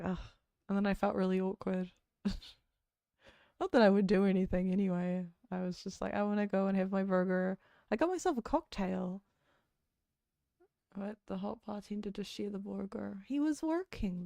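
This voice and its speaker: Gravelly Kiwi woman rambling on stream. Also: medium pitch, normal speed, mellow, no echo. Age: late 20s. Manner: rambling and chatty, full of "like" fillers. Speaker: VTuber streamer. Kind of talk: casual chat stream.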